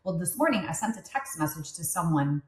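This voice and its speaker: A woman's voice: lowish voice, brisk. Candid woman in her fifties, echoey room. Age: 50s. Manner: candid, animated storytelling with asides. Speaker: podcast co-host. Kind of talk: casual chat.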